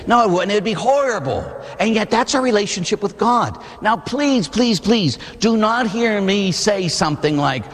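A man, a Catholic priest, preaching an animated sermon that asks the listeners questions, recorded in a church. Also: sits high, normal speed, husky. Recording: long reverb in a large hall.

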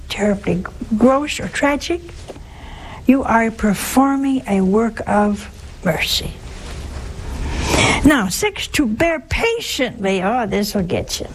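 A woman's voice: a little high, slight background noise, poor audio. A woman, older in years, giving a spoken sermon in a folksy, humorous way, often asking the audience questions. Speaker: religious teacher. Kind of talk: spoken sermon on works of mercy.

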